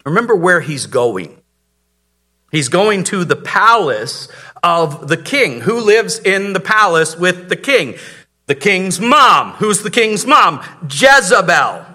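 Slow, bright-voiced male preacher. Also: high-pitched, very animated. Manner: dramatic, emphatic storytelling with rhetorical questions. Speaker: pastor. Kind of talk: sermon.

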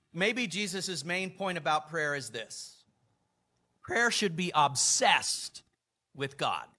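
An older man preaching a sermon, measured and emphatic, lifting his voice for quoted lines. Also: high voice, pushed and bright. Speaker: pastor.

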